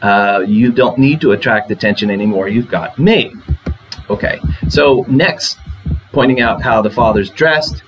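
In an unhurried, fairly low voice, a man lectures on a poem, going through it line by line and posing rhetorical questions to the class. His manner is conversational, and there is background noise behind him.

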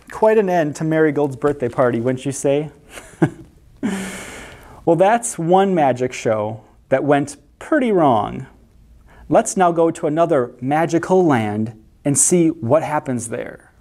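A library storyteller reading picture books aloud to children. The voice rises and falls in a very lively way, and the reading moves at an unhurried pace. Questions and explanations for the young listeners are woven into the story. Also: medium pitch, slight background noise. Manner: animated, asks listeners questions and explains words.

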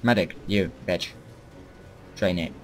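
A young man giving excitable, profane let's-play commentary as he plays a strategy game, often shouting at his units. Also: low-pitched, slow, a little hiss or hum. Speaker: gaming channel host.

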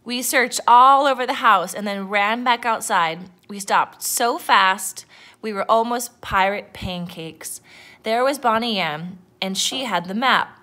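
Bright-voiced woman reading a picture book aloud. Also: fairly high pitch, unhurried. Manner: lively, expressive storytelling to children.

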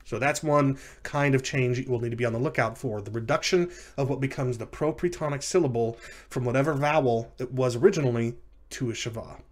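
A man teaching a recorded language lesson in a mid-pitched voice. He walks through each example carefully, pausing with fillers and correcting himself as he goes. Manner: explanatory, with frequent fillers and self-corrections. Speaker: lecturer.

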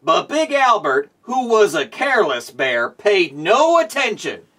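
A man hosting a show and reading a children's storybook aloud in a slow, expressive storytelling way. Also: high voice, far from the mic. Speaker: show host.

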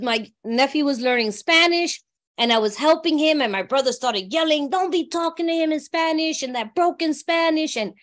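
High-voiced woman sharing a recovery story. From New York. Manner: heartfelt, conversational, often asks "you know what I mean". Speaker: workshop speaker. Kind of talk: personal recovery share.

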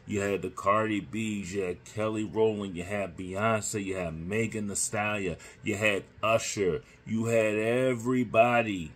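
A man hosting his own podcast, giving slow, emphatic political commentary and repeating his points. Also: lowish voice, fairly even intonation. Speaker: podcast host.

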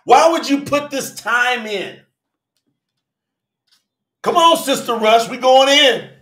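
A man preaching a fervent livestream sermon, often shouting and calling out viewers by name. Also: very high-pitched, slow, reverberant. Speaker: preacher and channel host.

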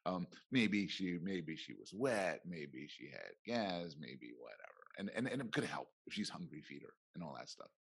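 A man's voice: low voice, sing-song, normal speed, creaky, hardly any pauses, slightly rough. A middle-aged man, a professor, talking reflectively in a conference interview and acting out little quoted exchanges. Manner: reflective, acts out quoted voices. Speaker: guest professor.

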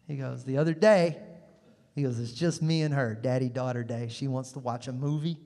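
A man doing a stand-up comedy set, telling stories with acted-out quotes and sudden shouted punchlines. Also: mid-range voice, normal speed. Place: comedy club stage. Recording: live in a large reverberant venue.

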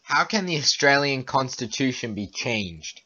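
A man's voice: medium pitch, lively intonation, sharp tone. Hesitant young man reading questions aloud. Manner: hesitant, halting, fillers while reading. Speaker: podcast co-host. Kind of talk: casual podcast banter, reading test questions aloud. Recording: dull, lo-fi home recording.

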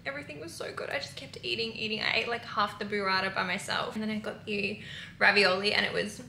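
Brief: Australian woman vlogger, chatty and candid, sharp bright voice with a raspy edge. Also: mid-range voice, fairly even intonation, fast talker, roomy sound, slight background noise, poor audio. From Melbourne, Australia. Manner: chatty, candid, swears casually. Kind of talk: casual travel vlog chat. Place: hotel room and streets outdoors.

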